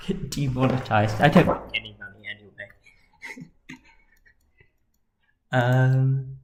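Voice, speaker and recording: A man livestreams while modeling, offering casual commentary as he rambles, jokes, and mutters to himself. His voice is medium-pitched and slow. The room echoes with faint noise, and keyboard and mouse clicks sound in the background.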